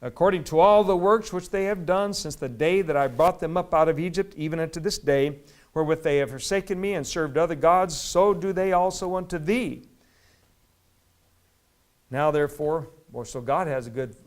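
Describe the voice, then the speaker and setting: Impassioned preaching man, higher-pitched voice. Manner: impassioned preaching, rising to loud emphatic peaks; reads scripture slowly in old-fashioned wording. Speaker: pastor. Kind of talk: sermon.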